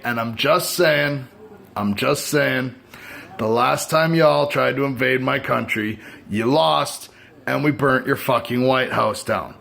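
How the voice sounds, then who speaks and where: A man's voice: mid-range voice, creaky, fairly bright tone. A Canadian man rambling sarcastically and swearing freely in a casual vlog, recorded on a phone. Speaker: vlogger. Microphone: phone camera.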